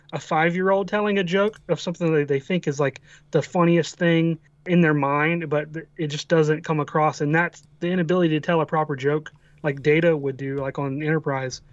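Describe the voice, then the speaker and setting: A man co-hosting a podcast who reflects in a relaxed, meandering way. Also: on the high side, no room sound, lo-fi sound. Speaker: podcast co-host. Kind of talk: casual chat.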